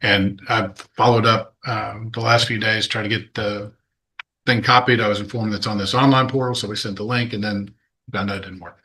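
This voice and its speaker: A male prosecutor addressing the court. His low voice is bright and bright-edged yet flat, and he argues firmly and plainly. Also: moderate pace, slight background noise, rough recording. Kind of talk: arguing in court.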